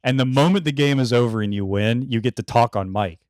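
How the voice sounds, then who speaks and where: A man's voice: mid-range voice, a little fast, darkish tone, no echo. Young male podcast co-host: casual, profane, amused storyteller, close dry mic. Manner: storytelling, swears a lot, laughs often. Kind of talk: casual chat. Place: his bedroom at home.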